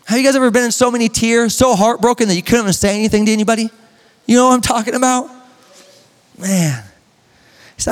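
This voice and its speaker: A young man preaching a sermon as a pastor, with an emphatic, drawn-out delivery, sudden shouts and joking asides. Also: very high voice, smooth. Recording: echoey church hall reverb.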